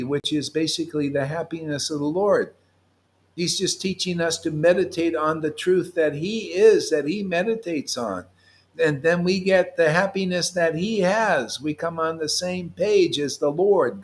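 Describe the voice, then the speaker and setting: A man leading an informal devotional talk, reading scripture aloud, explaining it playfully and laughing often. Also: high voice. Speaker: spiritual teacher.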